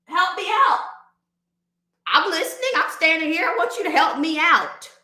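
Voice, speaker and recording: A woman's voice: extremely high pitch, sing-song, normal speed, sharp tone, reverberant. A woman hosting a livestream, ranting emphatically and firing off rhetorical questions. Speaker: livestream host. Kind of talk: casual livestream rant.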